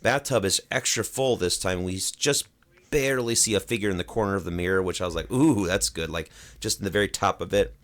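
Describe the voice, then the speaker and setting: A man's voice: low-pitched, fast. A young man hosting a podcast, recapping a horror film in casual chat and acting out the characters' lines. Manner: animated retelling with acted quotes. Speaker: podcast host.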